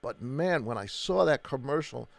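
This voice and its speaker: A man's voice: medium pitch, expressive, moderate pace, creaky. A man co-hosting a casual church talk show, speaking emphatically with frequent restarts and repeated words. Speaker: church podcast co-host. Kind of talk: casual faith discussion.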